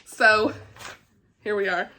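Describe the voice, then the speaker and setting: Bright chatty Southern woman. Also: mid-range voice, slow. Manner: chatty and folksy, laughs often, says "y'all" and "honey". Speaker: book vlogger. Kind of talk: casual chat.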